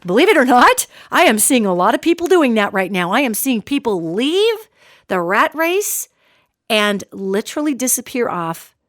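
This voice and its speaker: Middle-aged lady hosting her own podcast, higher voice, swings up and down a lot, talks straight to listeners. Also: moderate pace, no room sound, studio quality. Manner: animated, emphatic, addresses listeners as "gang". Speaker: podcast host. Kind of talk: solo podcast monologue.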